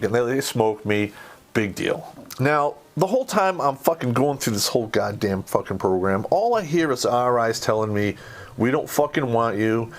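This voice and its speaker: A middle-aged man, host of a podcast, telling a rough, profane story from his army days in a blunt, swearing manner that gets animated when he acts out scenes. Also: mid-range voice.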